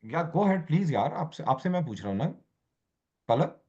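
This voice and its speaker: A man's voice: a little high, very animated, racing, a little mellow. A man teaching an online law exam class, quizzing students, repeating points and slipping into Hindi. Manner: switches between English and Hindi, quizzes students, repeats himself. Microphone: video call. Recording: muffled video call audio.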